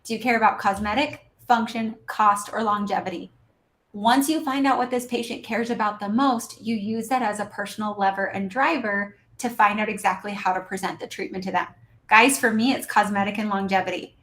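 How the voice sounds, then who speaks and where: A woman's voice: medium pitch, steady tone, a little fast, a bit bright. A woman giving practical coaching advice in a podcast conversation, talking animatedly and acting out bits of dialogue between patients and staff. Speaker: dental practice consultant, podcast guest.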